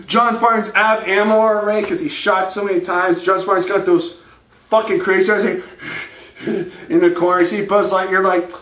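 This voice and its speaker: Male storyteller, high-pitched and sharp, crude and rambling, laughing between lines; roomy echo. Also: steady tone, distant mic. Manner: crude, rambling, laughing often, doing quick character voices. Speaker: host. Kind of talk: improvised comic storytelling. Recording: echoey room.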